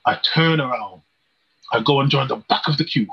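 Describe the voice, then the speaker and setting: Guy preaching, husky voice, telling his testimony earnestly, muffled lo-fi recording. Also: medium pitch, moderate pace. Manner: earnest, storytelling, rhetorical questions. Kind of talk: sermon with personal testimony. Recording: dull lo-fi recording.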